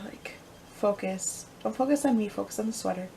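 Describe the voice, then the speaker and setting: A young woman hosting a casual knitting podcast, rambling and chatty with lots of ums and quiet asides. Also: mid-range voice, moderate pace, gravelly, slight background noise, low-quality recording. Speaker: podcast host.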